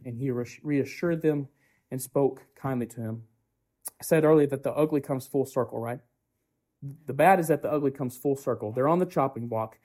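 A male preacher delivers a sermon in a warm, mellow voice at a middle pitch. He leans on rhetorical questions, often tagging "right?", and builds his points through repetition. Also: moderate pace.

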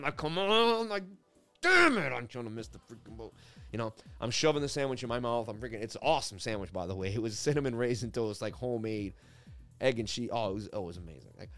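A crypto market analysis host tells an animated, rambling story packed with "like" fillers, then moves on to chart commentary. His voice is medium-pitched, and the recording has no room sound.

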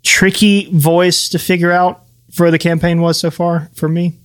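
A man's voice: fairly high pitch, little pitch movement, a little slow, clear, resonant tone. A man co-hosting a podcast, chatting casually in a loose, rambling way and running the game as its master. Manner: easygoing, rambling with restarts and laughs. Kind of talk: casual chat.

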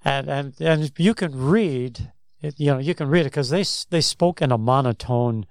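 A man's voice: mid-range voice, moderate pace, dry recording, clean studio sound. A man co-hosting a Christian talk show, telling stories in a rambling way that restarts and repeats words. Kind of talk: casual faith discussion, storytelling.

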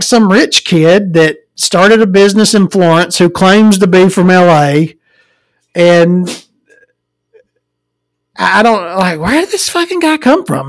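A woman's voice: fairly low pitch, dry recording, low-quality recording. A woman who hosts a podcast from home, ranting casually and profanely with frequent chuckles. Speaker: podcast host. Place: at home with her dog.

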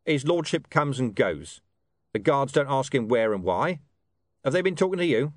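A gruff watch commander with a dry, quietly menacing manner, as a male narrator voices him. His delivery is lively and shifts a lot in pitch. The sound is dry and close, with no room around it. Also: moderate pace, dry recording, lightly acted. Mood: matter-of-fact.

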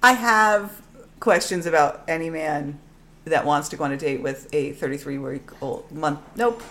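A woman's voice: low-pitched, normal speed, a bit bright. A woman co-hosting a podcast in casual chat, playful and teasing, laughing often. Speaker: podcast co-host.

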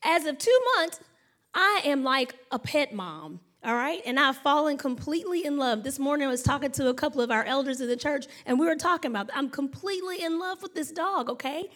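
A woman pastor, preaching in a chatty, story-driven way. Her voice sits high and she talks to the congregation warmly as y'all and honey. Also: fairly quick. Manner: chatty, animated storytelling with laughs and acted-out noises. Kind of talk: sermon.

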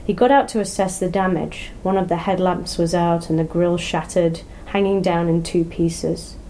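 A woman narrating a crime story in an even, measured storytelling manner. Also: fairly low pitch, a little hiss or hum, low-quality recording. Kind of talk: audiobook narration.

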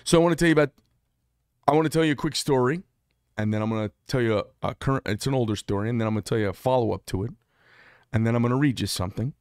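A middle-aged military veteran vlogs in a rapid-fire, mid-range voice with a darkish tone, recorded with studio quality and no echo. His monologue is candid and blunt, rambling along as he keeps restarting sentences.

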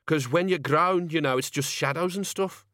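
A man's voice: fairly high pitch, normal speed, a bit bright, no echo, clean studio sound, voice pushed up, close to an everyday voice. A man voicing a brooding male thug who speaks simply and plainly. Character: moody adult male thug who sees in the dark.

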